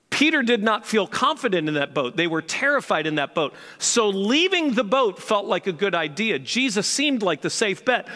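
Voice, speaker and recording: A man preaching a sermon from a church stage, animated and humorous, often restarting his sentences. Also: high-pitched. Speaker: pastor. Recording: reverberant hall.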